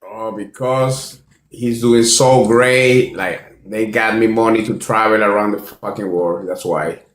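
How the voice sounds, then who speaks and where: A man's voice: lowish voice, steady tone, unhurried. Guy calling in, broken english, super eager, echoey call sound. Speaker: caller. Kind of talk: casual call-in debate.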